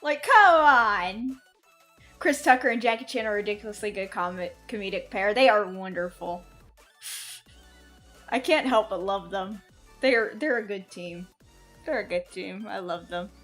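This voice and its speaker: A woman streamer chatting casually on a live stream, excitable, swearing and loudly scolding her chat. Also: mid-range voice, normal speed, long pauses, faint music behind.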